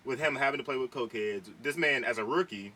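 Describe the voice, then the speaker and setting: A young man co-hosts a casual podcast chat, talking at length and restarting his sentences as he makes his case. His voice is bright and forward. He sits a little away from the mic. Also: medium pitch, quick pace, distant mic, slight background noise, low-quality recording. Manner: talks at length, restarts sentences, argues a point. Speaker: podcast co-host.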